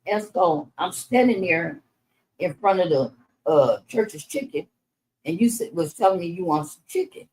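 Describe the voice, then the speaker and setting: A woman's voice: lowish voice, sing-song, a little slow, darkish tone, poor audio. A middle-aged woman telling her son her life story, frank and conversational, with frequent restarts. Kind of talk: candid personal storytelling in conversation.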